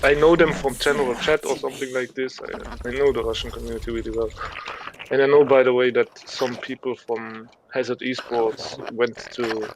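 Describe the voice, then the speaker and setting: A man's voice: mid-range voice, fairly even intonation, normal speed, noisy background. A man from Germany, chatting loosely and at length while streaming a game, swearing now and then. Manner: rambling, loose and talkative, swears casually.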